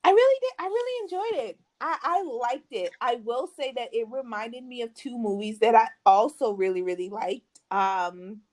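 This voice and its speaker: A woman's voice: on the high side, moderate pace, few pauses. Easygoing woman podcast co-host. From United States. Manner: relaxed and easygoing, often laughing. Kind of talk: casual chat.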